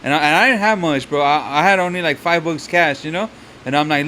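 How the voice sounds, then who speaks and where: A man's voice: on the high side, a little fast, sharp tone, slight background noise. A man co-hosting a podcast, telling a street story in casual chat, swearing often and acting out the people he quotes. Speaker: podcast co-host.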